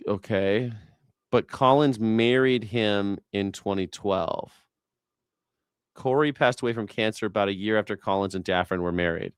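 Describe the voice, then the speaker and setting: A man's voice: mid-range voice, clear, resonant tone, dry recording. Guy ranting live about the news, swears a lot, keeps restarting sentences, dry close sound. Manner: animated, profane, rambling with restarts. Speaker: host. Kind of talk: live news reaction commentary.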